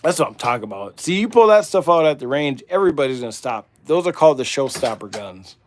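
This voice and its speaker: A man's voice: medium pitch, big pitch swings, fast talker, slight background noise. Man, Midwestern accent, livestream host, casual rambling chat, easygoing. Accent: Midwestern American. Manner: rambling and laid-back, full of "you know" and "man". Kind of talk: casual livestream chat while working on a task.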